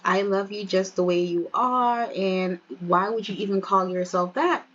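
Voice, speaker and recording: A woman's voice: mid-range voice, unhurried, fairly bright tone, muffled recording. A woman voicing a tender, devoted young man proposing to his girlfriend in a narrated life-sim story. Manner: earnest, reassuring.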